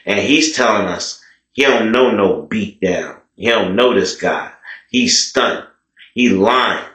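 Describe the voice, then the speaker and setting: A man's voice: fairly low pitch, expressive, slow, a bit bright. A man narrating a story casually in slang, often calling his listeners y'all. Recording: echoey room.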